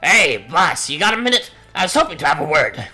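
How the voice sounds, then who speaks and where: Man voicing a rough, casual engineer guy for a game, drawling, bright edge. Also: on the high side, sing-song, a little fast, faint music behind, exaggerated voice. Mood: gruff. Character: gruff casual male chief engineer.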